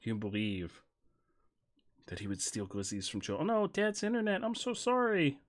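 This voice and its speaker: A man chatting on a live stream in an average-pitched voice. He rambles and jokes his way through a made-up story, often dropping to a mumble before bursting out loudly. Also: wildly swooping pitch, moderate pace. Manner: jokey, rambling, swings from mumbling to loud bursts. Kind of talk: casual live-stream chat and improvised storytelling.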